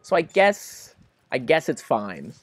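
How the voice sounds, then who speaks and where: Young male gamer, animated swooping delivery, dry close mic, over-the-top reactions. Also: medium pitch, slow pace, husky, no echo. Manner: excitable, melodramatic, swings between pleading and laughing. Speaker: gaming commentator. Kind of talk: casual let's-play commentary.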